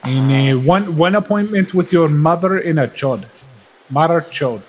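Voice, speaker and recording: A man putting on the voice of a confused caller who talks in broken, halting phrases over a tinny phone line. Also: a little high, slightly rough. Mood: pestering.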